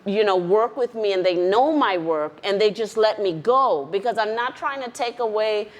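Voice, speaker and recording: A woman's voice: medium pitch, moderate pace. A woman actor from Brooklyn, talking animatedly in a casual interview and often checking in with her listener. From Brooklyn, New York. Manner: animated, repeats herself, keeps checking in with the listener.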